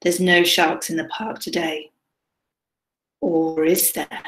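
A woman teacher reading a picture book aloud to young children, animated, with dramatic whispers and gasps. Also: lowish voice, slow pace. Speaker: primary school teacher. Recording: echoey room.

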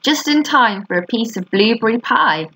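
A woman voicing a brisk, firm farm wife while reading a storybook aloud. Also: on the high side, lively intonation, sharp tone, breathy edge, far from the mic, voice pushed up, exaggerated voice, poor audio. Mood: welcoming.

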